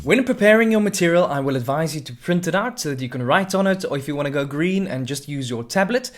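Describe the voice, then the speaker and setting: A man who works as a drama adjudicator and mentor gives a scripted tutorial on preparing a performance. He speaks clearly and expressively and shows pitch, pauses and volume with his own voice. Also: animated, faint music behind.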